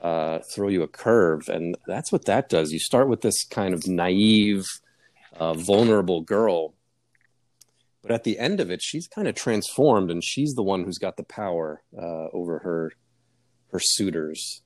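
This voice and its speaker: A man co-hosting a casual music podcast, explaining his views in a measured, hesitant way. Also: sits low, animated, a little mellow, no echo. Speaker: podcast co-host.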